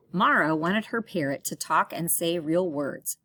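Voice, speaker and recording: A woman reading a children's picture book aloud in a slow, expressive storytelling manner. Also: on the low side, dry recording. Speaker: storybook reader.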